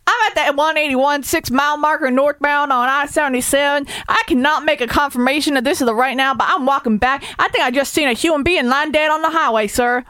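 A woman's voice: high voice, brisk, hardly any pauses, sharp tone, no room sound, clean studio sound. A woman reading out the part of a panicked male trucker calling 911, frantic and repeating himself. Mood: urgent.

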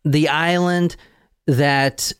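A man hosting a casual podcast chat, excitable and quick to swear and laugh as he tells a story. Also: on the high side, clean tone, dry recording, clean studio sound. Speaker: podcast host.

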